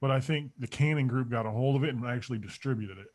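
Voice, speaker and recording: A man hosting a podcast, chatting casually and chiming in with quick quips. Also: medium pitch, darkish tone. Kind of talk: casual chat.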